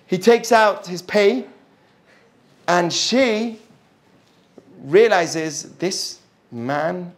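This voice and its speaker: A man with a notably high voice gives a Torah lesson, telling a Talmud story in a lively way. He keeps asking his listeners questions and stops to explain Hebrew words. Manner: drops into Hebrew terms and explains them. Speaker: religious teacher.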